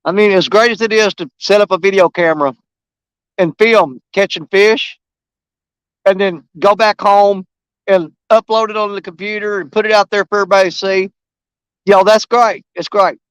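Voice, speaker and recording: A man's voice: high-pitched, fairly even intonation, normal speed, fairly bright tone, smooth, dry recording, rough recording. A man chatting to live-stream viewers outdoors by a river, folksy and enthusiastic.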